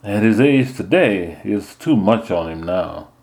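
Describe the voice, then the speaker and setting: A man's voice: lowish voice, animated, unhurried, creaky, a little mellow. A man voicing a big, stern Louisiana mother who scolds firmly and talks in drawling folk speech.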